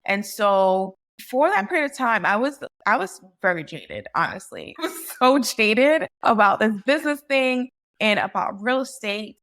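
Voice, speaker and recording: A woman in her thirties, a physician guest, talking through a personal story in an animated, conversational way with frequent "like" and "right?". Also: mid-range voice, a little slow, few pauses. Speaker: physician and real estate investor guest. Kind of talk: casual podcast storytelling.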